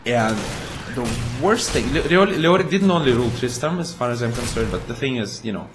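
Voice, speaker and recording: A man chats his way through a video game at a medium pitch. He talks in a playful, rambling way and throws in silly sound effects. Faint noise sits behind him. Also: lively intonation, brisk. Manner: chatty and playful, makes goofy sound effects. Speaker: gameplay commentator. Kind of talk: casual let's-play commentary.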